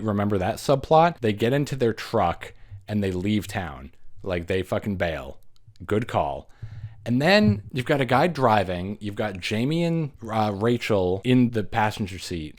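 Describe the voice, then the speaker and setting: Lower-voiced man recapping a movie. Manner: animated retelling, acts out characters, laughs often. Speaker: movie reviewer.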